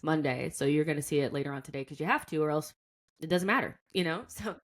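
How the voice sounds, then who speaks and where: Low-voiced American woman hosting a chat. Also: lively intonation, fast talker. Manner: chatty, laughs often, leans on "like". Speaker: podcast host. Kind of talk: casual football chat.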